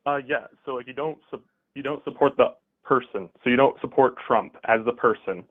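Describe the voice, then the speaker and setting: A man debating politics over a call, hesitant and halting, full of fillers. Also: medium pitch, no room sound. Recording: tinny phone-like line.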